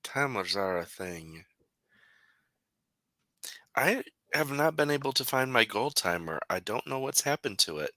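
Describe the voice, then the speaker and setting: A livestream host speaks slowly and warmly to viewers, greeting them one by one. The voice has a bright, crisp edge, and the close microphone sounds dry, with no room echo. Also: mid-range voice, expressive. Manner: friendly, unhurried, reads out chat. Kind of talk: casual chat, greeting viewers.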